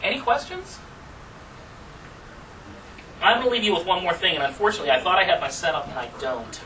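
A man's voice: high-pitched, sing-song, a little fast, sharp tone. A man giving a casual, chatty talk to a room about performing magic, laughing at his own stories. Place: room with an audience. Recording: distant mic with background noise.

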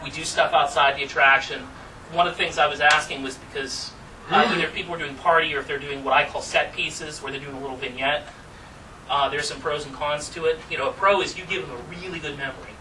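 A man's voice: fairly high pitch, steady tone, quick pace, pushed and bright. A man giving a casual, chatty talk to a room about performing magic, laughing at his own stories. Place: room with an audience. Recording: distant mic with background noise.

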